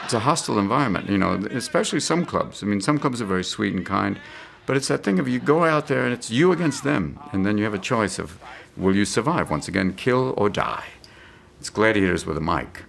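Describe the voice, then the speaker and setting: A man in his fifties, a comedian, talking in an animated interview and jumping into silly voices. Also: lowish voice, creaky, slight background noise. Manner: rapid, jumps into silly voices.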